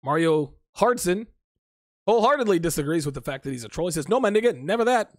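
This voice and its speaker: A man with a fairly high, very animated voice that swings up and down as he talks off the cuff on a livestream. He answers his chat bluntly, swears freely and laughs often. The sound is close and dry, with no room around it. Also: quick pace, no echo. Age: adult. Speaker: livestream host reading chat. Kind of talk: casual unscripted livestream chat.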